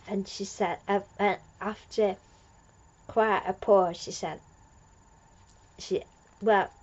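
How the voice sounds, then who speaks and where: A woman talks through a fan review in an unhurried, rambling way, full of fillers and excited restarts. Her voice sits at an ordinary middle pitch for a woman. The recording is muffled and lo-fi. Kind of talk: casual episode recap.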